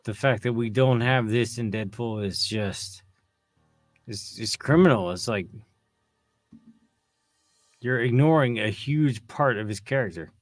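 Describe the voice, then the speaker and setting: A man's voice: medium pitch, measured pace, pauses often, no room sound, faint music behind. A man co-hosting a podcast in casual chat, laid-back, with blunt, swearing opinions. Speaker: podcast co-host.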